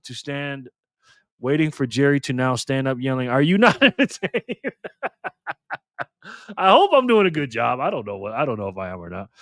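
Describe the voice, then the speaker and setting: A man's voice: mid-range voice, fairly bright tone, no room sound, clean studio sound. A man hosting a live stream alone at a microphone, upbeat in casual chat, greeting viewers by name and calling them brother and man. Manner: calls people brother and man.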